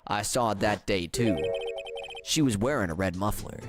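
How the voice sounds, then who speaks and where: A man's voice: on the low side, voice pushed down, close to an everyday voice. A man voicing a laid-back middle-aged cowboy detective in a put-on Southern drawl, reading a video game aloud. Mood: folksy. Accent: put-on American Southern drawl. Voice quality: folksy, slow drawl. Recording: game music playing behind.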